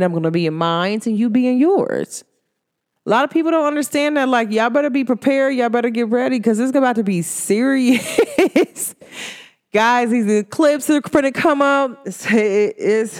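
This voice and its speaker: A woman vlogger talking in a casual motivational monologue, slangy and chatty, with frequent laughs and upward pitch swoops when she gets excited.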